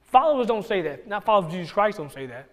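A man pastor preaching a conversational sermon to his church, with many restarts and bursts of excitement. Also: high voice, very fast, long reverb tail. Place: church sanctuary.

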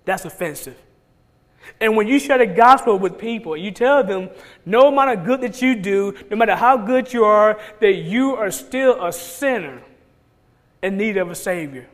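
Man preaching with a very high voice, acts out the crowd's lines, big church hall echo. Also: animated, normal speed. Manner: retells scripture, acting out the crowd's lines. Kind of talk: sermon. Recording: long reverb of a large hall.

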